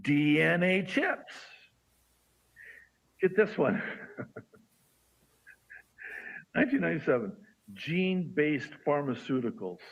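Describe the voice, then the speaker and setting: A man guest on a livestream who reads a list aloud slowly, teasing each item with suspense. His voice is fairly high for a man and swoops widely in pitch, and he takes his time. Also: big pitch swings, gravelly, fairly bright tone. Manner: dramatic, builds suspense, teasing. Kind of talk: reading a list aloud with commentary.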